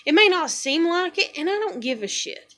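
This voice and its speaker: A woman's voice: very high-pitched, big pitch swings, normal speed, fairly bright tone. A woman venting in a blunt, profane, rambling monologue at home, a mother and vlogger.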